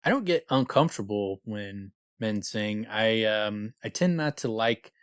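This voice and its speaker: A man's voice: lowish voice, expressive, unhurried, smooth, no room sound, studio quality. A man co-hosting a book podcast in casual chat, reading passages aloud and laughing often. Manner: reads passages aloud with small character voices, laughs often. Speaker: podcast co-host.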